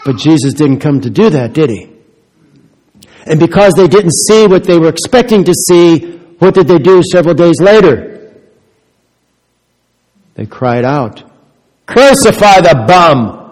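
Male pastor, sermon, rhetorical questions, hushed then emphatic, slightly high voice, long church-hall reverb. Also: expressive, unhurried, pauses often. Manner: dramatic swings from soft to loud, rhetorical questions.

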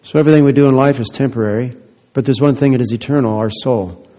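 A man preaches as a pastor, shifting between quiet, hushed lines and loud, emphatic ones while posing many rhetorical questions. His mid-range voice moves fast, trailed by a long reverb tail.

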